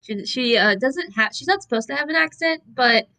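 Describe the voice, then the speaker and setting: A woman's voice: sits high, expressive, normal speed, vocal fry, pushed and bright. A woman chatting casually as a tabletop player, laughing often and tripping over her words. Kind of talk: casual chat.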